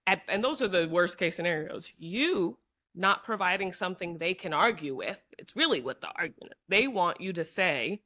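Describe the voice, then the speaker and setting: A woman's voice: on the low side, expressive, moderate pace, sharp tone. A woman guest on a podcast, speaking earnestly in long, run-on explanations in casual conversation.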